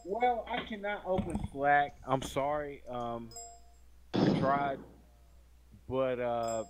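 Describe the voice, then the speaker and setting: A man's voice: mid-range voice, takes it slowly. A man in a gaming voice chat, mumbling and dismissive, heard through a muffled microphone. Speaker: clan member in voice chat. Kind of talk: casual voice chat. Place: online voice chat. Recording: muffled lo-fi mic with background noise.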